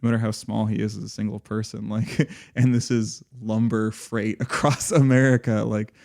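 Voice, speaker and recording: A man's voice: on the low side, flat delivery, moderate pace, gravelly, darkish tone. A man co-hosting a podcast, talking casually and rambling, with many fillers and restarts. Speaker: podcast co-host.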